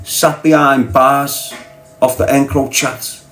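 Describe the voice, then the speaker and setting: A man's voice: mid-range voice, little pitch movement, takes it slowly, fairly bright tone, faint music behind, low-quality recording. A man with a Scouse accent delivering a confrontational, mocking rant as a podcast guest. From Liverpool, England. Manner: confrontational, mocking, blunt and sweary. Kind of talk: ranting monologue.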